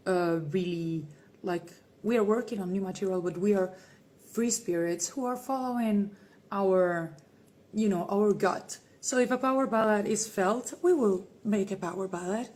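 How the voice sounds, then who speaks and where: A woman answering fan questions on a livestream, playful and theatrical, calling listeners "my dear" and often dropping into a hushed whisper. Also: mid-range voice, unhurried. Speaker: band member answering fans on a livestream. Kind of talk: casual live Q&A reading fan comments.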